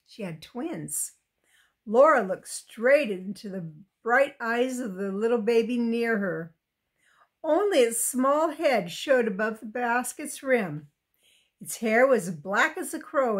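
Slow woman reading a children's book aloud. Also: fairly high pitch, expressive. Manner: gentle, explaining asides to children. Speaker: reader.

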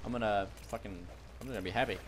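A man giving casual, joking gameplay commentary with a friend, breaking into loud exclamations. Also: lowish voice, fairly even intonation, fast talker, slight background noise. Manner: jokey, bursts into loud exclamations. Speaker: gaming channel host.

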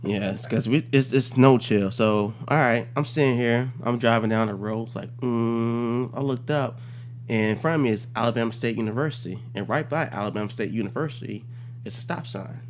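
A man's voice: medium pitch, moderate pace, slight background noise. A man telling a comic, profane story on a casual podcast. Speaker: storyteller guest.

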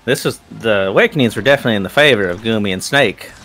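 Low-voiced man on esports color commentary. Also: fast, fairly bright tone, faint music behind. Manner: analytical, chatty, with laughs and restarts. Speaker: esports co-caster.

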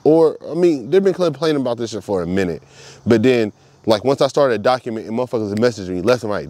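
A man's voice: mid-range voice, animated, fairly quick, warm tone, no echo. A man talking straight to camera in a casual monologue, swearing a lot and repeating himself for emphasis. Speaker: vlogger.

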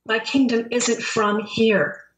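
A woman reading the part of a calm prophet-king on trial, speaking in steady, even lines in a church Passion reading. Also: a little high, takes it slowly. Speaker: scripture reader. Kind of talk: dramatic scripture reading. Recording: roomy church from a distance.

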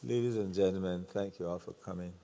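A man's voice: sits low, steady tone, quick pace, gravelly, warm tone, slight background noise. An older man, a calypsonian, who jokes with a live audience in a large hall and leads them in a call-and-response song. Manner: easygoing, joking, leads the crowd in song. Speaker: calypsonian closing a public event. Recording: echoey hall with guitar music.

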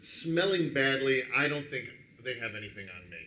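Man, middle-aged radio DJ, lively dinner storyteller, bright voice, roomy echo. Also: mid-range voice, moderate pace, a little hiss or hum. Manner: animated anecdote teller, acts out quotes. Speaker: radio DJ guest. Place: restaurant dining room. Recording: echoey room.

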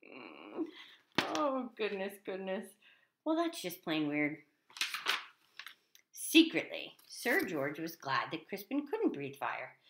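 A woman reading a children's picture book aloud in an animated, expressive way. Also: on the low side, takes it slowly, long pauses, background noise. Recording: echoey room.

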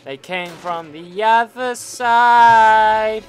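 A man giving let's-play commentary on a war game, excitable and ranting, swearing at the game. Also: sits high, extremely slow, music in the background. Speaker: gaming channel host.

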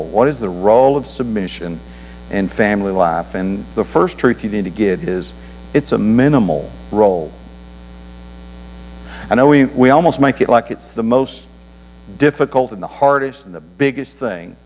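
Folksy preacher with a lowish voice. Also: male voice, darkish tone. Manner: folksy, conversational, with anecdotes. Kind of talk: sermon. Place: church auditorium. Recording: reverberant hall with mains hum.

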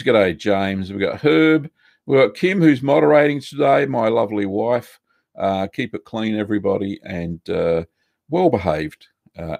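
Host: middle-aged Aussie man, low gravelly voice, chatty and hesitant, dry close sound. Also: dry recording. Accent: Australian. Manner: chatty, many ums and uhs, greets viewers by name. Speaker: host of a live cheesemaking Q&A stream. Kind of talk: casual live-stream chat.

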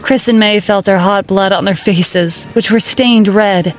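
A woman reading a dramatic story aloud as narrator, in a steady storytelling manner. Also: medium pitch, measured pace, over music. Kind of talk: scripted narration.

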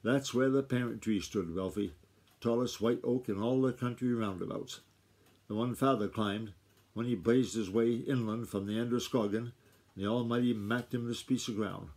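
A man voicing a gruff old farmer grandfather, speaking in a rustic drawl that swings from blustery to gentle. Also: mid-range voice, steady tone, normal speed, natural voice. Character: gruff old male farmer grandfather, country dialect, impatient.

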